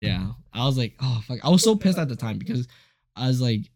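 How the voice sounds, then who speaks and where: Young guy co-hosting a chill podcast, mid pitch, super dry close mic, lots of "like" and cussing. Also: a little fast, no room sound. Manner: animated storyteller, filler-heavy, swears freely. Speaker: co-host. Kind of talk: casual podcast chat.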